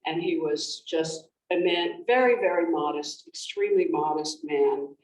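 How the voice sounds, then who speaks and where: A woman's voice: low-pitched, a little slow, a little mellow. A woman author giving a talk at a library, telling a story conversationally with restarts and fillers. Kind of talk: conversational presentation. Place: library event room. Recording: roomy, distant, faint background noise.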